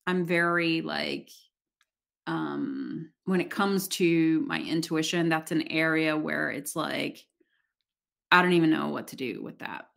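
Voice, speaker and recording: A woman guest on a podcast, speaking thoughtfully with hesitant pauses and fillers. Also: sits low, creaky, fairly bright tone. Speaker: podcast guest, energy healer. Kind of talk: casual conversational interview.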